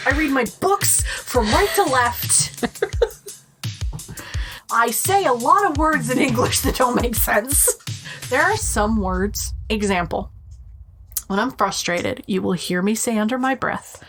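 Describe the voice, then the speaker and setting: A woman co-hosting a podcast in casual chat, animated and swearing freely as she acts out quotes. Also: fairly high pitch. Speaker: podcast co-host.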